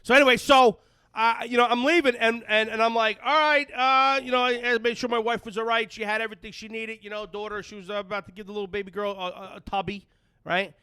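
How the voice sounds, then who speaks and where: Speaking fast in a high voice with fairly even intonation and a clean tone, a middle-aged New Jersey man hosts a podcast. He tells loud, rambling stories loaded with fillers in casual banter. The recording, made with headphones and a studio mic, is dry and studio quality.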